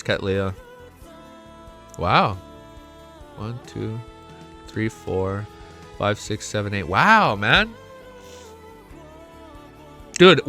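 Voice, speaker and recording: A young man chatting casually on a live stream while reacting to a web novel, excitable and swearing often. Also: medium pitch.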